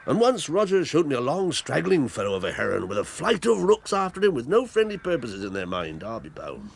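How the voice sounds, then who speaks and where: A man's voice: on the high side, huge pitch swings, fairly quick, gravelly, slight background noise, exaggerated voice. An actor playing a hearty, talkative old country squire in a radio drama, rambling and fatherly. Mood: genial. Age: older. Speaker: Squire Hamley. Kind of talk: 1980s radio drama acting.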